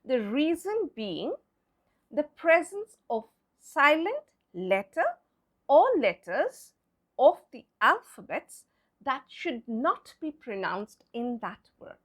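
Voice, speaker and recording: A woman's voice: sits high, big pitch swings, takes it slowly. A woman teaching an English pronunciation lesson as a non-native speaker, explaining patiently and spelling words out letter by letter. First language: not English.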